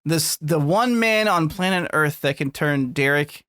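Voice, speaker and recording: A man chatting on a podcast, crude and jokey, rambling from one thought to the next. His voice sits on the high side. The sound is dry and close, with no room echo. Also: expressive, measured pace, a bit bright, smooth. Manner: crude, joking, rambling, laughs often. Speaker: podcast co-host. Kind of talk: casual chat.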